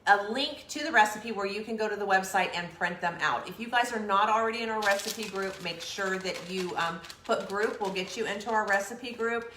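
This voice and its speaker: A woman's voice: mid-range voice, fairly quick, few pauses, reverberant, background noise. A woman hosting a casual live-stream recipe chat from a home kitchen, talking while she eats. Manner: chatty, talks while eating. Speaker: cooking show co-host.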